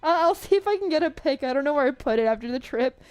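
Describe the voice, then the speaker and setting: A woman streamer in casual livestream chat, her voice sitting high. She talks loosely and chattily, full of "like" and "dude". Faint music plays quietly behind her. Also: lively intonation, fast, dry recording. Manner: chatty, laughing, lots of "like" and "dude". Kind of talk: casual livestream chat while reading a game story.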